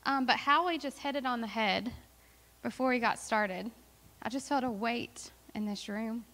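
Female missionary guest, earnest and chatty, slightly high voice, long church reverb. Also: moderate pace, bright, forceful tone. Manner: earnest, emotional, chatty with fillers. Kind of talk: testimony in church.

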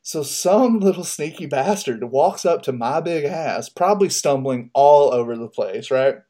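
A man's voice: a little high, expressive, measured pace, warm tone. A man co-hosting a podcast, telling a story in a loose, profane, casual way and laughing at himself. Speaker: podcast co-host.

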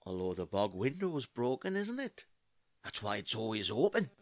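A man playing an excitable, scheming pub regular in a comedy audio play. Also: on the low side, moderate pace, no echo, studio quality. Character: scheming beer-loving British bloke, excitable.

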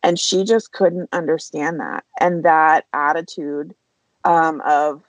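A woman's voice: low voice, steady tone, no echo, lo-fi sound. A woman co-hosting a veterinary podcast, talking candidly and openly about team morale in casual conversation. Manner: candid, fast-flowing, emotional. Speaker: podcast co-host, veterinary practice leader.

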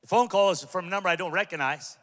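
Fiery, bright-voiced preacher man. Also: sits high, quick pace. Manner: impassioned, humorous preaching that rises to shouts. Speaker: pastor. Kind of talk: sermon. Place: large church auditorium. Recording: long hall reverb.

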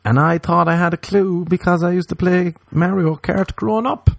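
A man's voice: sits high, fairly even intonation, moderate pace, gravelly, no echo. A young Irish man, a comedian hosting a podcast, rambling animatedly from one tangent to the next and swearing freely. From Ireland. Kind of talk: casual rambling monologue.

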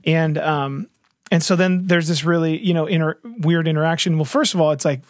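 A man's voice: fairly high pitch, a little fast, no room sound, clean studio sound. A man talking earnestly in a casual faith discussion, retelling a story with lots of fillers and restarts.

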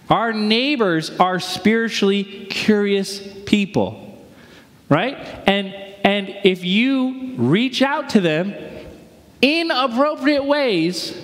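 A man's voice: high-pitched, animated, measured pace, fairly bright tone. A male pastor giving a sermon in a casual, conversational way with slang and rhetorical questions, in a church. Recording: long hall reverb.

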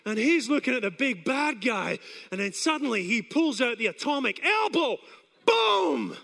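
A male preacher giving a sermon, telling stories in an animated way and acting out scenes. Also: extremely high pitch. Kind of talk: sermon with storytelling.

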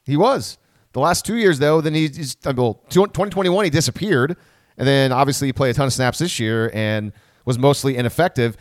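A man's voice: medium pitch, no room sound, clean studio sound. A man hosting a casual sports podcast, rambling and correcting himself as he talks through the team. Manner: rambling, self-correcting, quick asides. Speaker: podcast host.

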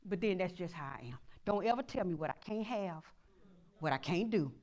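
A woman pastor preaching a sermon, swinging from soft asides to loud call-and-response exhortation. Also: fairly low pitch, expressive, moderate pace, dull audio.

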